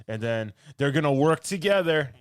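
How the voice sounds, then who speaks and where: A young podcast co-host rants sarcastically in casual chat, laughing mid-sentence as he gets worked up. His slightly high voice has lively intonation, normal speed and a clear, resonant tone, recorded in studio quality with no room sound.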